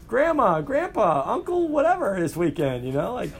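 Animated male teacher lecturing a class. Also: high voice, moderate pace, a little hiss or hum. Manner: animated, asks the class questions.

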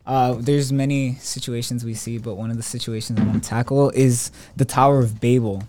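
A man explaining a scripture story in a casual faith discussion, pausing often and checking in with "right?". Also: mid-range voice, steady tone, music in the background. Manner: hesitant, many "uh" and "right?".

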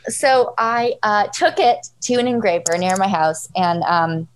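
In a casual chat, a woman in her thirties tells a funny story, laughing often and acting out the voices of the people she quotes. Her voice is medium in pitch and unhurried, and the audio quality is poor.

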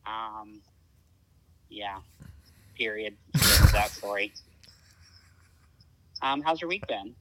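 A man's voice: on the low side, expressive, extremely slow, pauses often, background noise. A man with a Southern US accent hosting a casual podcast chat, chatty and self-deprecating. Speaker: podcast host.

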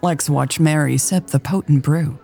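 A woman narrating a romance story in a calm, even storytelling voice. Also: sits low, moderate pace, creaky, faint music behind. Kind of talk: scripted audiobook narration.

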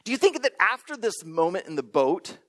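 A man preaching a sermon, telling stories dramatically and dropping to hushed near-whispers for emphasis. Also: sits high, very animated, fairly quick. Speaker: pastor.

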